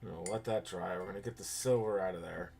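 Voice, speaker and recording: Lowish guy rambling to chat while he paints, lots of likes and ums. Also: fast, vocal fry, background noise. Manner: rambling, talks to viewers while working, many fillers. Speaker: streamer painting a 3D print. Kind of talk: casual livestream chat.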